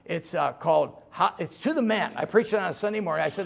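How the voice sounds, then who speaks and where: A middle-aged preacher man with a high, gravelly voice and a husky edge. He preaches in a folksy, joking way, swinging between loud emphasis and quiet asides. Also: animated, quick pace, few pauses. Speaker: pastor. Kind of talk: sermon.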